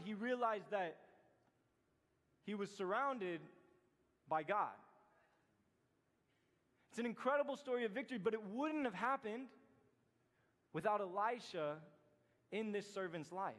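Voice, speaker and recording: A man's voice: extremely high pitch, a bit bright. A male youth pastor telling a scripture story in a casual, chatty sermon full of fillers and acted quotes. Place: church sanctuary. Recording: long hall reverb.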